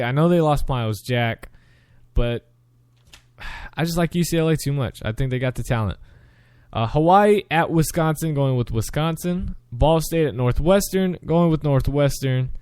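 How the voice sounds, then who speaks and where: A young man hosts a sports show and works through his weekly picks in a loose, chatty way, stumbling and correcting himself as he goes. His voice sits a little high and comes through smooth. The sound is close and dry. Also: darkish tone, no room sound. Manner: chatty, self-correcting, frequent restarts. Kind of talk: casual sports picks commentary.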